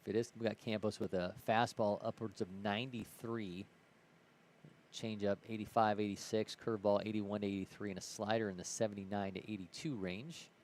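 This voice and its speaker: Low-voiced man calling baseball play-by-play. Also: steady tone, fairly quick, darkish tone, slight background noise. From Ohio. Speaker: play-by-play commentator. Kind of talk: live baseball commentary.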